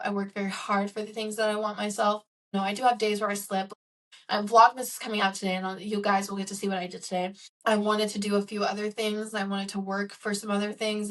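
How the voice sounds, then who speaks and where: Young woman, mid-pitched podcast host, reflective and candid solo monologue. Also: recorded from a distance. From Chicago. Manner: earnest and candid, many "like" and "um" fillers.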